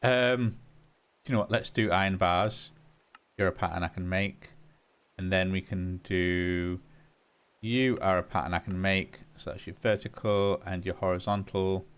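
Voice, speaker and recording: A man hosting a relaxed gaming session, thinking aloud and chatting to the items he crafts. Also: low-pitched, a little slow, clear, resonant tone. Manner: muses aloud, talks to game items. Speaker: gaming channel host. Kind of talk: casual gameplay commentary.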